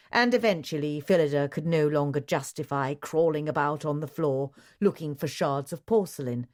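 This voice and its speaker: A woman reads a mystery audiobook with a low, deep voice. Her narration is measured and even, and she paces the prose with care. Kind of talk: scripted narration.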